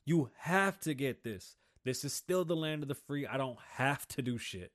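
A man's voice: medium pitch, expressive, moderate pace. A man hosting his own show, ranting heatedly about politics, swearing often and mocking the people he disagrees with. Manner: heated, profane, mocking voices of opponents. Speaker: podcast host. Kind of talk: opinionated political rant.

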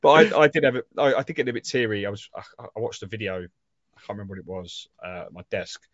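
A young man with a very low voice talks in casual podcast chat, rambling, self-deprecating and openly emotional. The sound is dry and close, a little dull in the highs. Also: expressive, fast, no room sound. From England. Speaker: podcast co-host.

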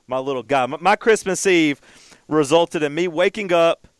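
A man's voice: fairly high pitch, moderate pace, smooth, no echo, clean studio sound. A man co-hosting a casual chat, telling stories in a rambling way and often stumbling over and repeating his words.

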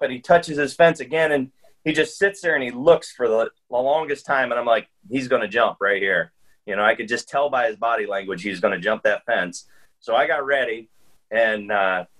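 A man's voice: medium pitch, fairly bright tone, poor audio. A man telling a long hunting story in casual chat, rambling along with frequent restarts and fillers. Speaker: guest hunter.

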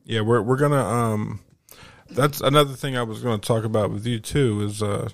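Low gravelly man in casual chat. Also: steady tone, moderate pace. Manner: loose, swearing, laughs often. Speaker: podcast co-host.

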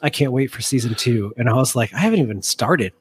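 A man's voice: mid-range voice, lively intonation, fast talker, husky. A man speaking as a podcast guest in casual chat, upbeat and laughing often. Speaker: podcast guest, series creator.

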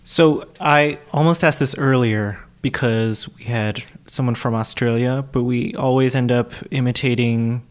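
A man's voice: medium pitch, fairly even intonation, unhurried, few pauses, clear, resonant tone. A man co-hosting a podcast, chatting casually and making dry joking asides. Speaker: podcast co-host.

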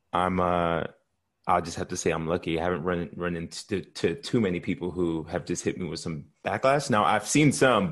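A man talking on a panel in a thoughtful, reflective way. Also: low-pitched. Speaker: panel guest. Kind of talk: casual panel chat.

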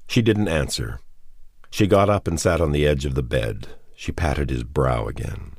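A man narrating a novel in a slow, steady, somber reading. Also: extremely low pitch, vocal fry, husky, no echo, clean studio sound. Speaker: audiobook narrator. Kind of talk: scripted narration.

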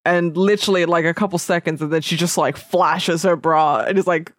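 A woman on a podcast gushing over favorite film scenes, laughing and swearing as she goes. Her voice sits a little low, recorded close and dry. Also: steady tone, fairly quick, no room sound. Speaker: podcast co-host. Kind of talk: casual film chat.

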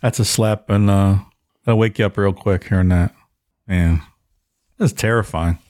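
A man with a low voice reacts bluntly to a true-crime story in casual chat with his co-host. The sound is dry and close. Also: measured pace, a little mellow, dry recording. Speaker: podcast co-host.

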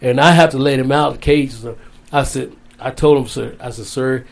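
Gravelly man telling a rambling story. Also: mid-range voice, steady tone, brisk. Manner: rambling, repeats phrases, folksy Southern-style speech. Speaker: interview guest. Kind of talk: storytelling in a casual interview.

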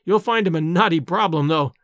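A man's voice: on the high side, fairly quick, fairly bright tone, no echo, clean studio sound, close to an everyday voice. A man reading the part of a friendly, jovial young male acquaintance in an audiobook.

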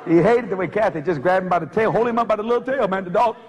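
A man preaching a humorous story, animated and laughing through his lines as he acts out sounds. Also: sits high, very fast, in a large hall, muffled recording, a little hiss or hum.

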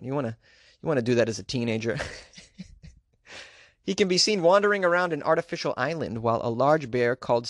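A man's voice: mid-range voice, dry recording, studio quality. A man hosting a show, reading odd news stories and adding sarcastic, joking remarks. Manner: sarcastic, joking asides with laughs. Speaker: host.

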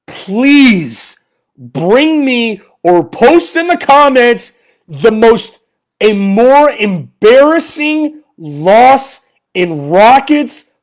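Exasperated high-voiced man ranting. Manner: exasperated, rhetorical and emphatic. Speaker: podcast host. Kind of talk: post-game rant.

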